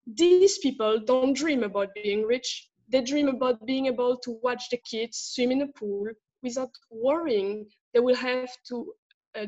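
A blunt, fed-up legal clerk, read by a woman with a French accent, speaks in a highish voice and cuts each line short. The audio is dull and lo-fi. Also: darkish tone.

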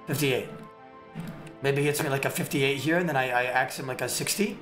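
A man streaming a game, giving excitable, slangy trash-talk commentary with sudden shouts. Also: medium pitch, brisk. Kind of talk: live gameplay commentary. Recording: echoey room with clear background music. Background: background music.

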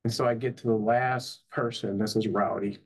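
A man's voice: fairly low pitch, fairly even intonation, normal speed. A man, a psychotherapist and life coach, telling his personal story in an earnest, conversational way, often asking "right?". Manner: earnest, with frequent "you know" and "right?".

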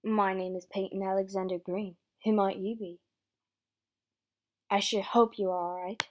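A woman's voice: mid-range voice, level tone, moderate pace, voice pushed down, natural voice. A young woman voicing a polite, earnest young male horse in a fan audio drama. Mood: kind.

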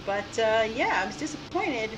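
A woman's voice: a little high, sing-song, normal speed, background noise. A woman casually commenting on her gameplay at home, giggly and playful, recorded through a laptop mic. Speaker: game streamer. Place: home room. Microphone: laptop mic, headphones on.

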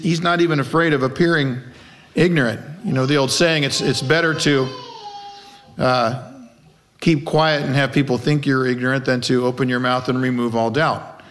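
A man's voice: medium pitch, steady tone, normal speed, a bit bright. A male pastor preaching a conversational sermon, asking rhetorical questions and acting out quoted lines in character voices. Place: church.

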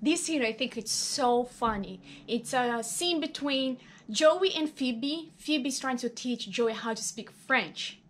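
A woman's voice: high-pitched, takes it slowly, a little hiss or hum. A woman hosting a table-read video who talks in a cheerful, upbeat way. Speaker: video host.

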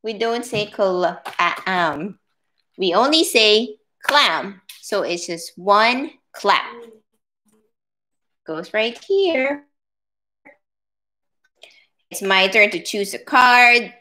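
A woman leading a preschool circle-time lesson, speaking patiently and encouragingly with drawn-out words for small children. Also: mid-range voice, expressive, bright, forceful tone. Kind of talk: slow, sing-song preschool lesson.

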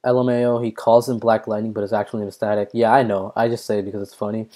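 A young man casually commentating his mobile game on a live stream, excitable, swearing often and reading chat aloud, troubled by hiccups and throat-clearing. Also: on the low side, fast talker.

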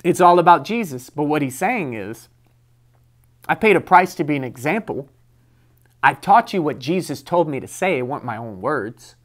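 A man's voice: fairly high pitch, animated, moderate pace. A man preaching a weekly devotional with plenty of emphasis and conviction. He moves between reading scripture and urging his listeners on. He chuckles now and then at his own anecdotes. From United States. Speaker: pastor. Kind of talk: devotional sermon.

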